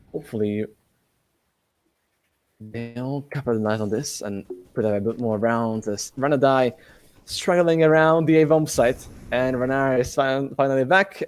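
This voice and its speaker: A man's voice: mid-range voice, no room sound. A young man casting a live esports match in a chatty way, laughing often, with slightly non-native phrasing. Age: young adult. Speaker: esports commentator.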